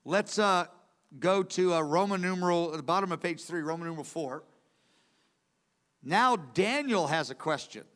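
A man with a notably high voice delivers a Bible teaching from his notes. He speaks earnestly and with emphasis, circling back to repeat key words so they land. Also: lively intonation, moderate pace, a bit bright. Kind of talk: teaching sermon from lecture notes.

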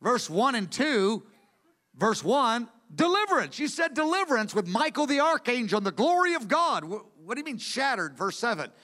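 A man's voice: very high-pitched, sing-song, moderate pace, bright, forceful tone. A man preaching a teaching sermon from Bible study notes, earnest and emphatic, repeating key words for stress.

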